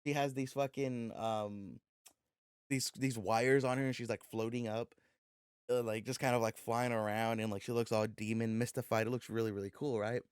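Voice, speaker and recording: Animated man telling a story, swearing. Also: medium pitch, moderate pace, smooth, no echo, studio quality. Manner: animated, swears freely, acts out dialogue. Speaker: podcast co-host. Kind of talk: casual storytelling chat.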